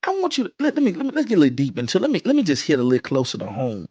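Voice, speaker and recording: A man's voice: fairly high pitch, wildly swooping pitch, rapid-fire, a little mellow, breathy edge, no echo, dull audio. A man hosting a live stream, giving relationship advice in a preachy way, repeating phrases and restarting often. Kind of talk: motivational live-stream talk.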